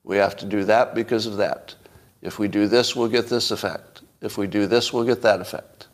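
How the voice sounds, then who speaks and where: A man's voice: lowish voice, fairly even intonation, normal speed, close to an everyday voice. A man imitating a firm, sure politician. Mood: confident. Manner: firm, declarative command voice. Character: steady, sure-voiced male politician.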